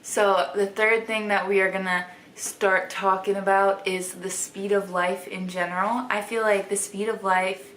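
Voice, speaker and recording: A young woman with a light Wisconsin accent chats casually to her viewers, leaning on "like" between thoughts. Her voice sits at an ordinary pitch. The room is echoey, with a faint hiss underneath. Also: flat delivery, unhurried, few pauses, fairly bright tone. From Wisconsin, USA. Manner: chatty, heavy use of "like" fillers. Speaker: vlogger. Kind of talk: casual vlog talk to camera.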